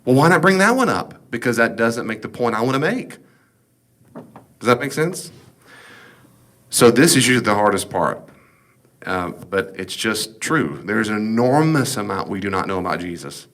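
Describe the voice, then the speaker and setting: A man's voice: fairly low pitch, sing-song, normal speed, pauses often, a bit bright. A man teaching a Bible study as pastor, talking emphatically and casually, full of rhetorical questions.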